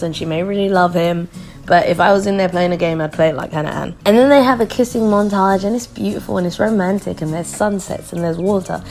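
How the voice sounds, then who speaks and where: A woman casually recapping a TV episode, chatty and quick to laugh, mimicking the people she quotes. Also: medium pitch. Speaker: vlogger reviewing a TV show.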